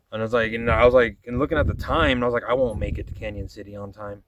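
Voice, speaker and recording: A man's voice: medium pitch, fairly even intonation, quick pace, hardly any pauses, far from the mic, lo-fi sound, background noise. A man telling rambling, profane stories about making his videos, often quoting himself in a casual monologue. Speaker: vlogger.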